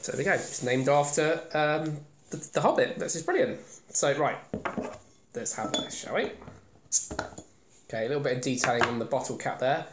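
A man's voice: fairly high pitch, brisk, a little hiss or hum. A man giving a casual, rambling, self-deprecating beer review on his own. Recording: roomy echo.

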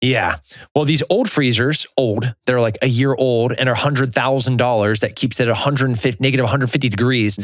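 A man's voice: mid-range voice, a little fast, no room sound, studio quality. A man telling a story in casual podcast chat, acting out the people in it. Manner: animated storyteller, acts out others.

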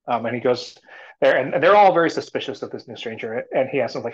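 A man's voice: mid-range voice, lively intonation, fast talker, breathy edge. A man talking as a startup CEO guest in a casual live talk, rambling and full of fillers and restarts. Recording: muffled lo-fi audio.

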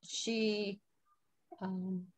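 Woman medium, soft and halting, relaying channeled messages, many restarts and fillers. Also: medium pitch, little pitch movement. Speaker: psychic medium. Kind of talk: channeling messages in casual chat.

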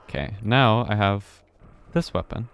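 A man with a somewhat low voice plays a horror game on a live stream and keeps up a running, casual commentary. He reacts out loud to each turn of the game. He sounds like he is talking into a desk mic at home. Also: a little slow, creaky, clear, resonant tone, lo-fi sound. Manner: chatty, reacts aloud to the game.

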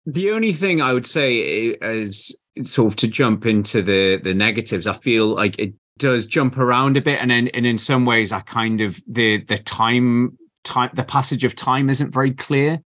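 A man's voice: mid-range voice, normal speed, a bit bright. A man co-hosting a podcast, chatting casually about a film with hesitant, stop-start phrasing. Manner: hesitant, restarts often. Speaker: podcast co-host.

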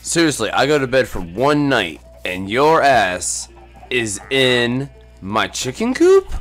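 Excitable, swearing gamer man. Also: takes it slowly, faint music behind. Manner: excitable and profane, yelping in high pitch when startled. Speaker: gaming YouTuber. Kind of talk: Minecraft let's play commentary.

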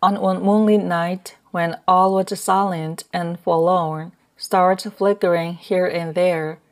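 A woman narrating a translated novel as an audiobook in a measured reading. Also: on the low side. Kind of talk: scripted narration.

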